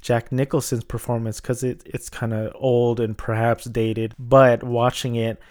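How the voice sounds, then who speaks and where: A man's voice: medium pitch, little pitch movement, a little slow, a little mellow. A man talking casually about movies he watched, rambling with frequent restarts and hedges. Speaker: movie vlogger. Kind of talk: casual movie review monologue.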